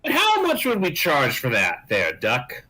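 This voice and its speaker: A man's voice: a little high, wildly swooping pitch, unhurried, pushed and bright. A man playing in a tabletop game, chatting casually and checking details with the group.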